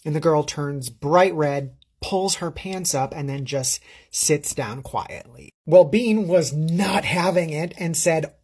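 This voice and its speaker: A man's voice: fairly high pitch, takes it slowly, darkish tone, breathy edge. A man telling a comedic story in a sassy, gossipy way.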